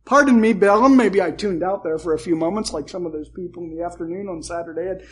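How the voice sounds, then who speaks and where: A man's voice: high-pitched, fast, breathy edge. A male pastor teaching a Bible passage in a sermon, retelling it as a folksy story with humorous asides.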